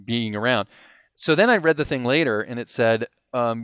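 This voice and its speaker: Smooth-voiced man telling a story. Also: medium pitch, normal speed, no echo, clean studio sound. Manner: animated, acts out quotes, laughs mid-story. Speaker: podcast guest telling a story. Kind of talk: casual storytelling.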